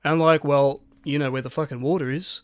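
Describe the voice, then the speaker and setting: A man, co-hosting a podcast, telling a story in lively casual chat, swearing and acting out quotes. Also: a little high, brisk, clear, resonant tone, no room sound, studio quality. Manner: animated storyteller, swears a lot, acts out quotes. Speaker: podcast co-host.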